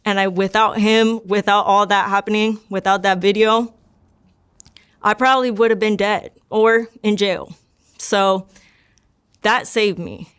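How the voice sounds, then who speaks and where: In a smooth, mid-range voice, a young female guest tells her personal testimony. Her talk is casual and meandering, filled with "like" and words said more than once.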